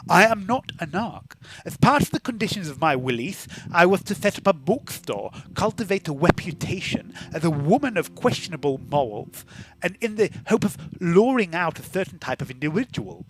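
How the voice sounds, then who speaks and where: A prim woman scholar in her thirties, as a man puts her on, who talks in careful, pompous sentences. Her voice stays soft and measured, set noticeably lower than the narrator's lively tone.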